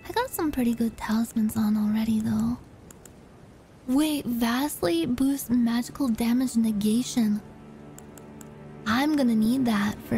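A woman's voice: a little high, warm tone. A woman streaming a game, chatting casually, joking, swearing and thinking aloud. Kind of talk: casual gaming chat. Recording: game music behind.

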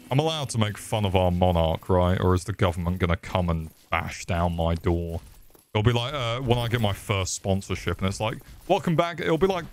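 Brief: young male streamer, lowish voice, rambling, swears constantly, jokes at himself. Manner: profane, rambling, jokey. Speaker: gaming streamer. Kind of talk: casual livestream commentary.

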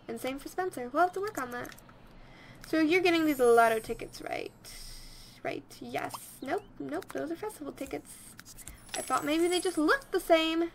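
A woman's voice: sits high, moderate pace, a bit bright. A young woman giving rambling, casual commentary over her video game and talking to her characters. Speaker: let's play host.

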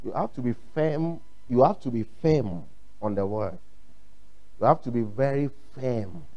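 A man's voice: mid-range voice, measured pace, mellow, lo-fi sound. A man with a Ghanaian English accent preaching a sermon, emphatic and repeating his points, acting out quotes. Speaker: pastor.

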